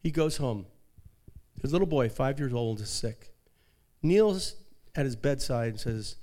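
A man preaching a sermon as pastor, telling a story softly and then rising into fervent, high-pitched preaching. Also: lively intonation, unhurried, pauses often.

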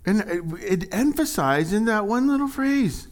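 A man preaching a sermon, animated and jokey, swinging from quiet asides to loud, high exclamations. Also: measured pace. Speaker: pastor.

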